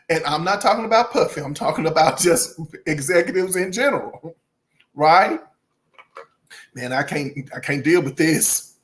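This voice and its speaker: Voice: mid-range voice, normal speed, pauses often. Laughing, chatty music commentary host. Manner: laughs often, chatty and animated; addresses viewers directly with folksy asides. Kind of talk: casual commentary to camera.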